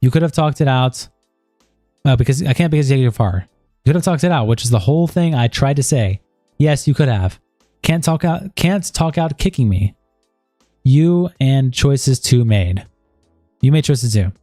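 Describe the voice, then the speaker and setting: Guy streaming, reading messages out loud, dark mellow voice, dry sound, faint music behind. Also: medium pitch, animated, normal speed, dry recording. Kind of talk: reading chat logs aloud with commentary.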